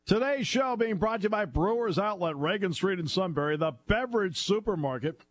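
A man hosting a sports talk radio show, chatting casually and telling animated stories with frequent laughter. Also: sits high, brisk, dry recording, studio quality. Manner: animated storyteller, laughs often.

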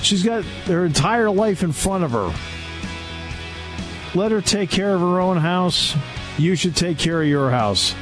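Man, talk radio host, sarcastic, scolding, slightly high voice, very animated pitch. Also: measured pace, pauses often, music in the background. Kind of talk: opinionated talk radio monologue. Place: radio studio.

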